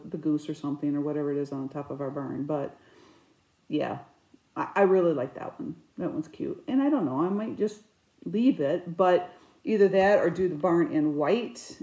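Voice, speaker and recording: A woman chatting casually as a cross stitch vlogger, rambling and animated, with sudden outbursts. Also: sits low. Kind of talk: casual chat. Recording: echoey room.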